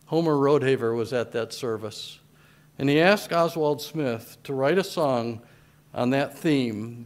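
A man's voice: mid-range voice, a little slow. A man preaching a sermon as pastor, reading scripture with emphatic, swelling delivery. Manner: emphatic scripture reading in old-style wording.

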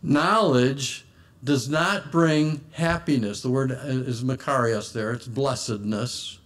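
A man's voice: medium pitch, slow, fairly bright tone. A man preaching an earnest sermon and reading scripture aloud in old-fashioned wording.

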